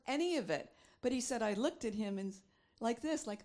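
A woman's voice: fairly high pitch, expressive, a little fast, a little mellow. A middle-aged woman preaching a sermon, reading scripture aloud and repeating phrases for emphasis.

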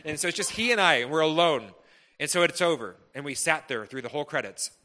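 A man preaches his personal testimony to a congregation with earnest passion, his slightly high voice animated and quick as he swings between loud, fervent stretches and hushed moments.

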